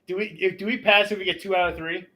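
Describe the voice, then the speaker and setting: A man's voice: high-pitched, steady tone, fast talker, sharp tone, a little hiss or hum. A man playing a tabletop game, speaking up in an eager, joking way. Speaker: player.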